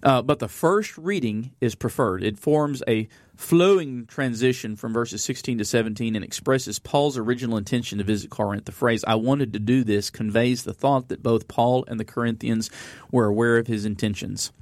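A man's voice: medium pitch, normal speed, a little mellow, dry recording, clean studio sound. A man hosting a Bible study, reading verses aloud and then explaining them in an easygoing way, with frequent fillers. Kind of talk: conversational Bible teaching.

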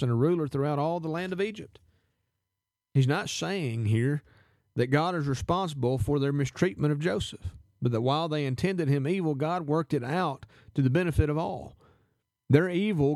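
A man teaching verse by verse from scripture, reading passages aloud and then explaining them in a measured way. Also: on the high side, a little mellow, no echo, clean studio sound. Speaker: Bible teacher.

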